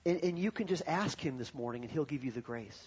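A man's voice: on the high side, animated, fast talker, a little mellow, husky, highs cut off. A pastor preaching a sermon to his congregation, telling a personal story and then rising to fervent preaching.

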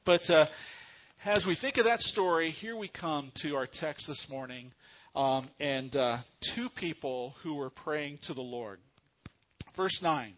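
A man preaching a sermon as pastor into a microphone, earnest and unhurried, pausing often between phrases. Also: on the high side, expressive, fairly bright tone, muffled recording. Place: church sanctuary. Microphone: microphone on a stand or handheld.

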